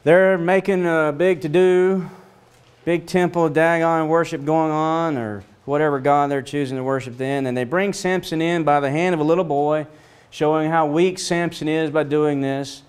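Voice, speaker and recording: Man, middle-aged, Bible teacher, lively storytelling, acts out the voices, smooth clear voice. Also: normal speed. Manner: storytelling, acts out voices with big pitch swings.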